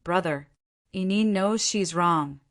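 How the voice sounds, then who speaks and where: A woman's voice: lowish voice, takes it slowly, a bit bright. A woman reading as a clingy, scheming younger sister. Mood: pouting. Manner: pouting, wheedling. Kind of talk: audiobook character reading.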